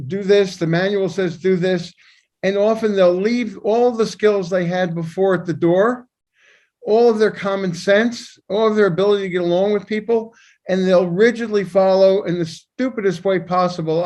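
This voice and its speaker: A man's voice: sits high, moderate pace, darkish tone. An older man co-hosting a podcast, a psychiatrist who gives firm, opinionated views. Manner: emphatic and opinionated. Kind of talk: conversational discussion.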